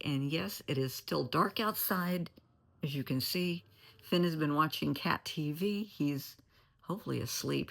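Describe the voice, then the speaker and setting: An older woman, a therapist, talking in a casual vlog from her lakeside home in a blunt, opinionated way, with a gravelly voice. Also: deep voice. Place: lakeside home, indoors, early morning.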